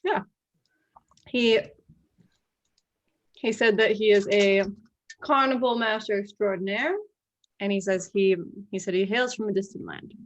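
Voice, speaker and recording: A woman running a tabletop game as game master, narrating in a halting way with frequent fillers. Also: medium pitch, steady tone, muffled recording.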